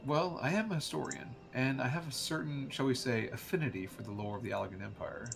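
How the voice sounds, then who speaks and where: A man's voice: mid-range voice, fast talker, gravelly, soft background music, close to an everyday voice. A man voicing a pompous male historian from a game, slipping into a Southern drawl as he reads the dialogue aloud. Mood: lofty.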